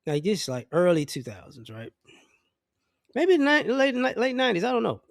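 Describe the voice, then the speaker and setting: A middle-aged man with a notably high voice delivers a blunt, profane opinion rant to camera. He rambles and restarts his sentences as he talks. The recording is dry and close, with no room sound. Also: huge pitch swings, normal speed, vocal fry, no room sound. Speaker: vlogger.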